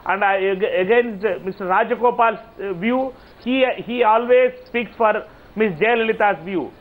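A man's voice: high voice, normal speed. Insistent Indian man on a phone-thin line. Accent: Indian English. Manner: insistent, repeats himself, talks over others. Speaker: member of parliament, panelist. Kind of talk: heated televised political debate. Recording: phone-like remote audio link.

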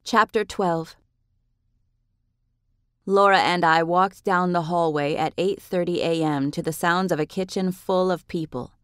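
A woman reads a novel aloud in the first person, measured and expressive. Her voice sits slightly low. The recording is close and dry, with no room sound. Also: clear, resonant tone, no echo. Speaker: audiobook narrator. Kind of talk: scripted first-person narration.

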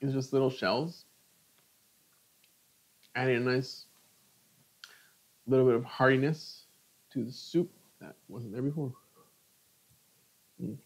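Brief: middle-aged male cooking host, chatty, mid-pitched, tastes and comments on food on a live stream. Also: steady tone, takes it slowly, pauses often. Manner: chatty, savoring food between remarks.

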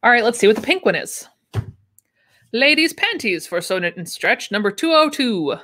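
A woman's voice: a little high, big pitch swings, normal speed, a bit bright. A young woman chatting casually on a livestream, with wry asides and easy laughs. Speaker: livestream host unboxing sewing patterns. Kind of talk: casual chat.

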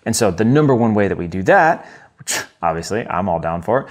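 A man's voice: deep voice, fairly quick. A man in his thirties from the United States, hosting a podcast and talking enthusiastically through a book review, with many fillers and restarts. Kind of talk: casual solo book review.

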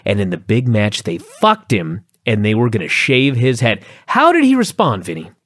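Man, podcast co-host, lively pitch, ranting casual chat, dry recording. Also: moderate pace, no echo. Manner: animated ranting with sweeping pitch swings. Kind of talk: casual wrestling review chat.

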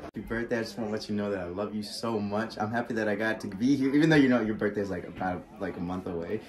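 A man's voice: on the low side, quick pace, a crowd in the background. A man giving casual, rambling birthday wishes with fillers.

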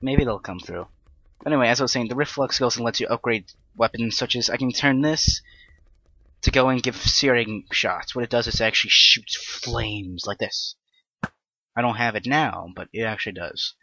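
A young man narrating his gameplay in a bright, middle-pitched voice. He rambles and second-guesses himself, and now and then breaks into panicked yelps. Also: moderate pace, no echo, dull audio. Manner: rambling, self-deprecating, with sudden panicked outbursts. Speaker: Let's Play gamer. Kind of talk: casual gameplay commentary.

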